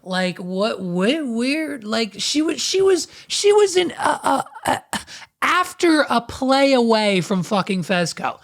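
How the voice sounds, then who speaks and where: A man's voice: very high voice, sing-song, slow, a bit bright. A man co-hosting a podcast, casually recapping a TV episode with rambling restarts. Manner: rambling, lots of fillers and restarts. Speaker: podcast co-host.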